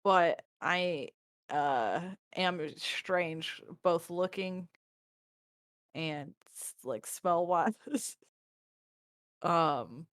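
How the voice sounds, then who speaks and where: A woman's voice: fairly low pitch, very slow, long pauses, no echo, clean studio sound. A woman playing a tabletop game, hesitant and trailing off as she speaks. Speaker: player.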